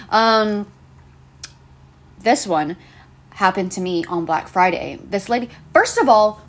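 Young woman podcast host, casual rant, sarcastic and foul-mouthed, lots of ums. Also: medium pitch. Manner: profane, rambling, sarcastic, lots of fillers. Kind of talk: casual venting monologue.

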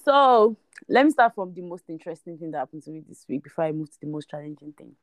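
A Nigerian woman in her twenties co-hosting a casual podcast, lively and quick with her asides. Her voice is a little lower than most women's, and it is recorded dry and close with no room sound. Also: no room sound. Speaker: podcast co-host. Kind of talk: casual chat.

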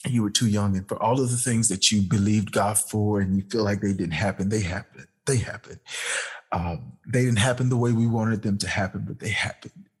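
A tearful man speaking to his younger self in a halting, heartfelt personal address, with sighs and pauses between phrases. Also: fairly low pitch, fairly even intonation, breathy edge.

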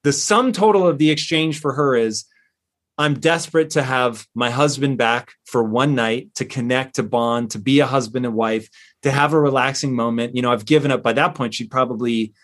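A middle-aged man as a podcast guest, telling a personal story in an emphatic, animated way and swearing now and then. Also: medium pitch.

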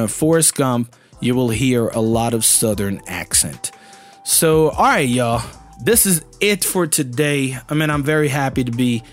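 A man hosting an English lesson podcast, talking in a chatty, enthusiastic way with many fillers. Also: mid-range voice. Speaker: English teacher and podcast host. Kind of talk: casual teaching monologue.

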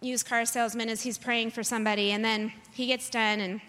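A woman telling a personal testimony in an animated, self-deprecating storytelling manner. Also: on the high side, brisk. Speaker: speaker sharing a personal testimony. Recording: long hall reverb.

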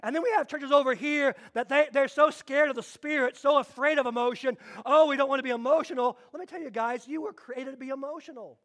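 A man with a strikingly high voice delivers a sermon to his congregation. He is lively and funny, hammering points home through repetition. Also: brisk, hardly any pauses. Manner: energetic, humorous, repeats phrases for emphasis. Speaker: pastor.

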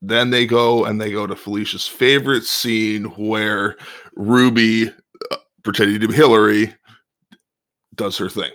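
A man co-hosting a podcast, calmly summarizing and analyzing a TV episode with a measured, explanatory manner. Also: lowish voice. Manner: measured, explanatory, with filler ums. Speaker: podcast co-host. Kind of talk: casual analytical TV recap.

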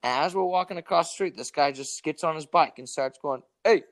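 A young man telling a story in casual chat, animated and profane, full of "dude" and "like". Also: a little high, brisk.

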